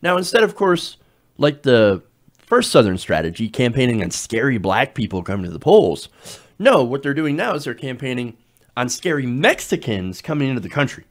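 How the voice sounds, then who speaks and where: A man's voice: medium pitch, very animated, normal speed. A man giving emphatic political commentary, repeating key words for effect.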